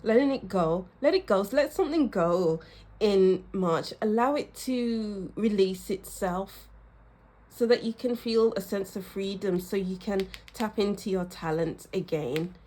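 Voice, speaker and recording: A woman's voice: medium pitch, unhurried, darkish tone, a little hiss or hum. Female tarot reader, casual to-camera delivery, encouraging, repeats affirmations.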